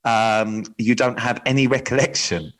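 A man hosting a podcast in casual chat, hesitant and dry, with many pauses and ums. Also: mid-range voice, steady tone, a bit bright, rough recording. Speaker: podcast host.

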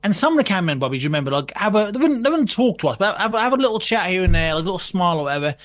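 A man's voice: high voice, sing-song, very fast. A man telling a long sweary anecdote in casual conversation, laughing often. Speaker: podcast guest. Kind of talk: casual storytelling chat.

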